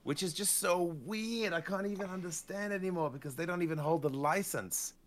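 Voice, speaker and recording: A young man co-hosting a casual gaming chat, animated and opinionated. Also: high voice, a little fast. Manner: animated, opinionated, acts out quoted voices. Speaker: podcast co-host.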